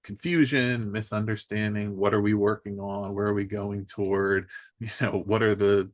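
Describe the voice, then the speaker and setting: A man's voice: lowish voice, level tone, normal speed, no room sound. A man hosting a podcast, thinking aloud and building on his guest's points in a conversational way. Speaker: podcast host.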